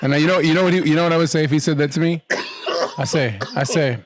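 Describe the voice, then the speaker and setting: Brief: slightly high-pitched man, casual podcast co-host, laughs through his own stories. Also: quick pace, a crowd in the background. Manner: animated storyteller, laughs often. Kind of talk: casual chat.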